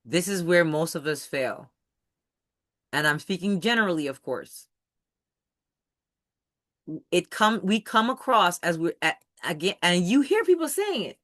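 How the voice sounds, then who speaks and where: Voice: mid-range voice, animated, measured pace, long pauses, a bit bright, dry recording, clean studio sound. A host leading a live video-call study session. The host talks emphatically and keeps asking whether everyone understands. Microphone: computer mic on a video call.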